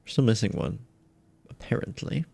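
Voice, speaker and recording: A man's voice: on the low side, very animated, moderate pace, gravelly, dark tone, slightly rough. A man streaming a video game, musing aloud as he works out a puzzle, chuckling and trailing off. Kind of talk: casual gameplay commentary.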